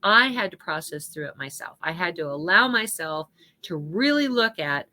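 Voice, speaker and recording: Woman minister, lower-pitched but bright tone, chatty and personal delivery. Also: animated, moderate pace. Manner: conversational, personal, with laughs. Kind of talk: spiritual talk with personal story.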